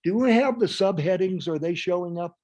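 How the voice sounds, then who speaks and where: A man presenting a live workshop in a quick, lively, humorous way. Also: sits high. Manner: fast, lively, humorous delivery; acts out example dialogues with a raised voice.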